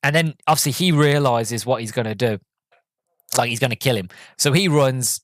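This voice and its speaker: A man's voice: medium pitch, moderate pace, no room sound. A man hosting a podcast, giving a casual, enthusiastic movie review full of fillers and restarts. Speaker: podcast host.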